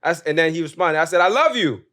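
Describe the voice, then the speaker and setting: A young adult man hosting a casual podcast chat, telling stories in an animated way and reading a plea for reviews. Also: on the high side, fast. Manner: animated storyteller, gets loud retelling. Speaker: podcast host. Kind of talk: casual chat and read ad break.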